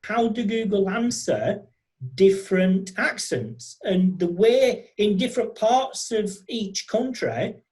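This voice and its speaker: A podcast host speaks at a mid pitch. The host chats casually and enthusiastically, talking in quick, animated bursts with frequent restarts. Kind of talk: casual interview chat.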